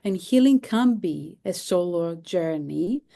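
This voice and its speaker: Mellow low-voiced woman therapist. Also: animated, slow pace, vocal fry. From Cyprus. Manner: thoughtful, repeating phrases, frequent fillers. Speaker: therapist, guest. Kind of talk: interview conversation.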